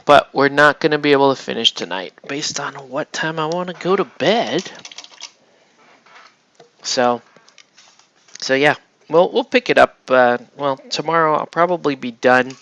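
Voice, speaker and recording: A man chatting casually to his viewers as he paints miniatures on a stream, rambling and self-deprecating, quiet and mumbling while he works and louder when he wraps up. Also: mid-range voice, gravelly, highs cut off.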